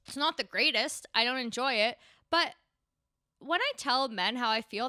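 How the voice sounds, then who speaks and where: A woman's voice: fairly high pitch, very animated, moderate pace, pushed and bright, smooth, no echo, clean studio sound. A young woman hosting a casual podcast, a stand-up comic who swears freely and acts out the people she quotes. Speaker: podcast host and stand-up comedian.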